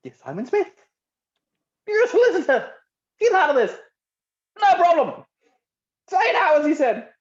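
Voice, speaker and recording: A woman's voice: high voice, big pitch swings, a little fast, mellow, lo-fi sound. A woman reading the part of a panicking, drugged male solicitor, frantic and talking to himself in an amateur script reading.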